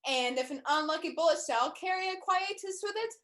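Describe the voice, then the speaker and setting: A woman acting a bold, cheerfully blunt gentleman duelist in a live online stage play. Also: very high-pitched, expressive, a little fast. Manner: cheerfully blunt, relishing morbid talk. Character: bold Irish gentleman duelist, Sir Lucius. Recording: echoey room over video call.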